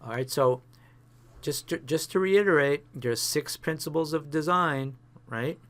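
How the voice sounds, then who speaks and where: A man's voice: a little high, unhurried, a bit bright. A man teaching a photography class, talking through example pictures with many fillers and restarts. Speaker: photography instructor.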